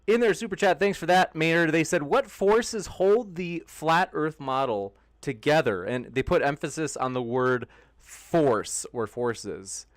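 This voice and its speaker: A man's voice: a little high, no echo, studio quality. A man moderating an online debate and reading out viewer questions in a polite, hesitant way. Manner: polite, hesitant, with filler words.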